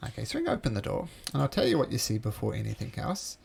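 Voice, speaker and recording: A man's voice: mid-range voice, big pitch swings, fast talker, creaky, darkish tone. A man acting as game master, narrating a tabletop game in a loose, rambling way.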